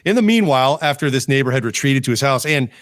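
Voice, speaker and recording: A man's voice: mid-range voice, animated, fast, fairly bright tone, slight background noise. A man co-hosting a podcast, telling a long story in casual chat, swearing often and breaking into laughter. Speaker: podcast co-host.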